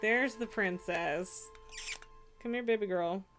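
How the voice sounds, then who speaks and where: A woman live-streaming a game, cooing baby talk to her cat and chatting warmly with viewers. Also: mid-range voice, slow pace. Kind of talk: casual live-stream chat. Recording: faint music behind.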